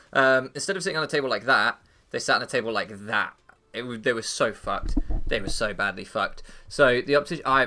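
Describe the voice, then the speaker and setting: A man's voice: medium pitch, sharp tone. A young English man hosting a game channel, rambling in casual chat, swearing freely, stumbling over and repeating his words. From England. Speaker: channel host and league player.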